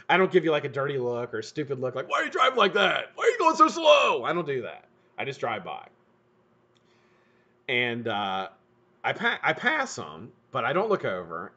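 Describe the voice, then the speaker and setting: A middle-aged man hosting a live stream, telling a profane, animated story while he works. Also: mid-range voice. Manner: animated, profane, laughs at his own story. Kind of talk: casual storytelling while building coils. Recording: dull lo-fi stream audio.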